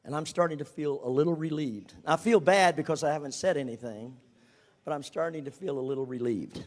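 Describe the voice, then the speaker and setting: A man's voice: fairly high pitch, brisk. An older man telling a personal testimony in a folksy, self-mocking way, chuckling at himself as he goes. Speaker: guest speaker.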